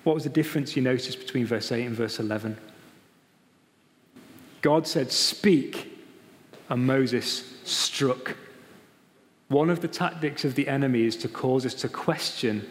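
Emphatic preacher in reverberant hall. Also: male voice, mid-range voice. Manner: emphatic, repeats key phrases, slows down for stress. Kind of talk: sermon. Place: church.

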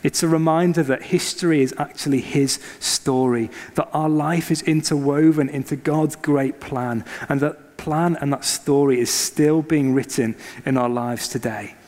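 High-voiced preacher in a reverberant hall. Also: male voice, measured pace, few pauses. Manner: storytelling, animated when acting out scenes. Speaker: pastor. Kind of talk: sermon with personal story.

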